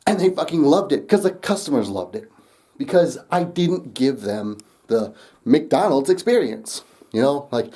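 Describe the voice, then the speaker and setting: A young adult talks to the camera in a loose, rambling storytime, laughing between lines and swearing without fuss. The voice is dark and mellow in tone. Its pitch swings widely as the story goes on. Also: very animated, measured pace. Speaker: vlogger.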